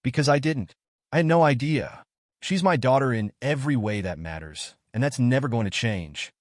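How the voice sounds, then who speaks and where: A man's voice: medium pitch, expressive, normal speed, no echo, clean studio sound, close to an everyday voice. A man voicing a hurt, stubborn middle-aged father who sounds strained and bitter.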